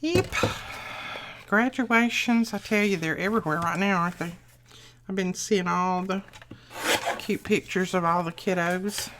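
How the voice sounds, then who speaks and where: Low-voiced older woman chatting while crafting. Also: fairly even intonation, moderate pace, fairly bright tone, a little hiss or hum. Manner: chatty, rambling and folksy, thinking aloud while she works. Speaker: crafting channel host. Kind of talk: casual crafting tutorial chat.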